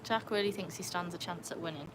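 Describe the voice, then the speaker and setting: A young woman hosting a casual live stream by a pool at night. She chats, laughs often and calls to her dogs in a high sing-song voice. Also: fast, very noisy. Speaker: livestream host. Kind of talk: casual live-stream chat reading comments.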